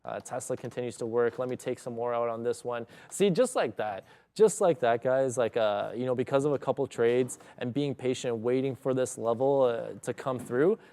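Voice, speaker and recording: In a flat, mellow, medium-pitched voice, a young live-streaming day trader talks a little fast with few pauses. He rambles casually through his moves, thinking aloud and using lots of fillers.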